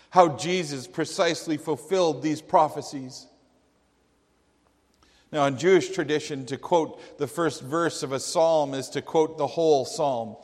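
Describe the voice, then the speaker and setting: A man preaching a sermon, slow and emphatic, with dramatic quotations. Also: on the high side, a little mellow. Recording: long hall reverb.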